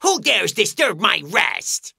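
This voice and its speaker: Grumpy old cartoon shark, gravelly and slow, deep growly voice. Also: female voice, very animated, bright, forceful tone, slight background noise, heavily acted.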